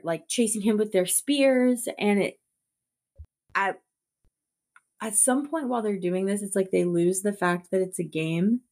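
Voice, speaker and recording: Woman cohost rambling about a book, lively, does little voices for the characters. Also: fairly low pitch. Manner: animated, acts out characters' lines in quick voices. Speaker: podcast co-host. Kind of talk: casual book chat.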